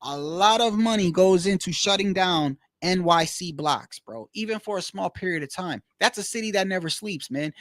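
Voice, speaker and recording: High-voiced man ranting about boxing. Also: no echo, studio quality. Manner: animated, swears often, says "bro" a lot. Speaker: boxing commentator. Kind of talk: casual opinion rant.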